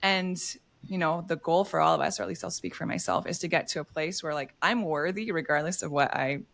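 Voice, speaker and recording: A woman's voice: on the low side, a little fast, gravelly. A woman hosting a casual podcast interview, affirming and laughing lightly as she talks. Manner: warm and affirming, laughs between words. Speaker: podcast host.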